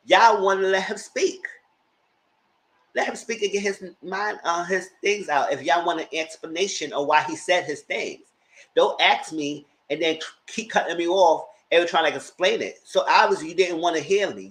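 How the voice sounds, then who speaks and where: Male YouTube commentator, casual recap, lively retelling. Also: a little high, poor audio. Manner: animated retelling with mock voices. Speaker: TV reality show commentator.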